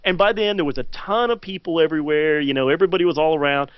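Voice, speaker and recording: A high-voiced man tells a story with lots of fillers, jumping into loud, animated quotes. The sound is dry and close with no room around it, and the audio comes through dull and lo-fi, like a live stream. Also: fast talker, smooth, dry recording. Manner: animated, many fillers, acts out quotes loudly. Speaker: podcast co-host. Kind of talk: casual storytelling chat.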